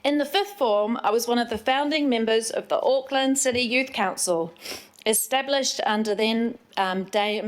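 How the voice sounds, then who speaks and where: A woman, giving an earnest, at times emotional speech as a newly elected city councillor. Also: fairly high pitch. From England. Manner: emotional, tearful at moments, earnest.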